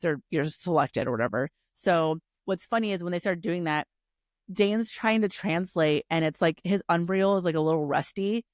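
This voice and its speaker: A woman with a fairly low voice co-hosts a casual book-club podcast, retelling the story in an animated, swear-laced way. The recording is dry and close, with no room sound. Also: moderate pace, no echo. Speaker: podcast co-host.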